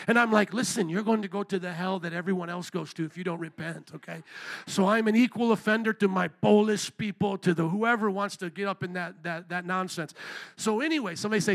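A man's voice: sits high, a little fast, fairly bright tone. A man preaching a sermon with passion, firing rhetorical questions at the congregation and calling for amens. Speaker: pastor.

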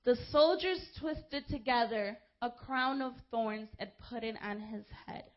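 A woman delivers a sermon in a high voice. She is impassioned and direct, talking straight to her congregation with informal asides. The recording is somewhat dull and lo-fi. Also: unhurried. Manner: impassioned, rising to shouts when quoting crowds. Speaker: preacher.

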